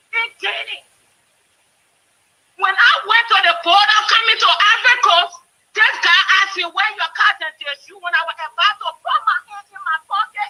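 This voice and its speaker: A woman calls in over a phone line, talking emotionally and going back over her words. Her voice is very high and very bright, and now and then she raises it sharply. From Liberia. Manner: emotional, repeating herself, raised voice at times. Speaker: caller. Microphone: phone on speaker.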